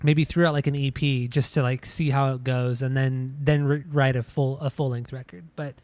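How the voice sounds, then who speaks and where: A man co-hosting a podcast, giving a casual album review in halting speech full of restarts and fillers. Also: medium pitch, flat delivery, a little mellow, dry recording. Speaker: podcast co-host. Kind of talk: casual music review chat.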